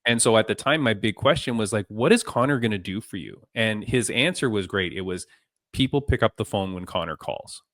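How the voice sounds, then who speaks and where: Brief: male podcast host, low voice, dry close sound, loose chatty delivery. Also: lively intonation, brisk, fairly bright tone, no echo. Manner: chatty, many fillers and restarts. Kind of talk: casual interview chat.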